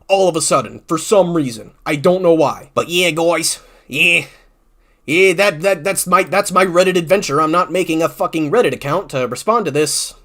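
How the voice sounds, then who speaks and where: A man's voice: on the high side, a bit bright. A man, a YouTuber, ranting about online comments in an exasperated, sarcastic way, swearing often and restarting his sentences.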